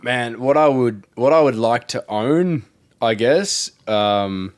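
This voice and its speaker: A man's voice: medium pitch, takes it slowly, clean tone. A young man, a podcast guest chatting casually in a laid-back, sweary, hesitant way. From Australia.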